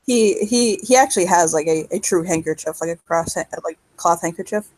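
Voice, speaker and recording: Gentle role-player narrating a scene. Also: medium pitch, normal speed, a little hiss or hum, rough recording.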